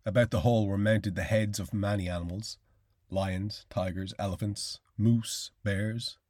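A man narrating a classic short story in a measured, formal audiobook reading. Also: on the low side, fairly even intonation, darkish tone, no echo, studio quality.

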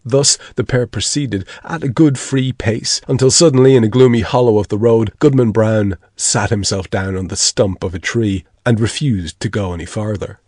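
A man narrating a story in a deliberate storytelling way. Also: lowish voice, darkish tone, no echo, clean studio sound. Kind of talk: scripted narration.

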